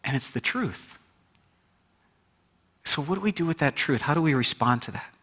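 A man preaching a sermon as a pastor, telling the story with lively acted-out quotes and moving between loud, bright moments and hushed, quiet ones. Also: fairly high pitch, normal speed, husky.

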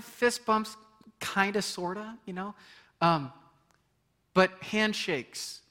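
This sermon comes from a middle-aged man serving as pastor. He talks conversationally, laughs a lot, and moves from forceful, loud points to quiet, gentle passages, with a voice pitched high.

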